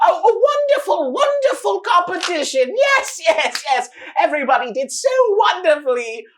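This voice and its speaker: A woman voicing an excitable male tournament announcer who shouts and draws out his words. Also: extremely high pitch, moderate pace, slight background noise, voice pushed up. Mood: grandiose. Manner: shouting, drawn out.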